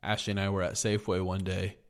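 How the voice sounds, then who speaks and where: Podcast co-host, male, lowish voice, loose and profane storyteller in casual chat. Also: little pitch movement, quick pace. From United States.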